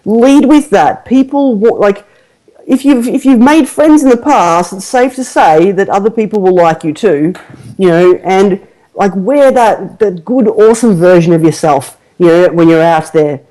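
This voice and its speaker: Mellow-voiced, chatty woman podcast host. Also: medium pitch, a little slow, rough recording. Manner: animated, rambling with fillers, laughs often. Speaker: podcast host, marketing coach. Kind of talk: casual chat.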